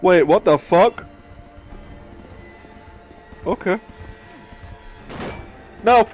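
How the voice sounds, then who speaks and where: A man's voice: a little high, moderate pace, faint music behind. A man hosting a let's play, chatting casually, thinking aloud and swearing freely as he plays. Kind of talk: casual gameplay commentary.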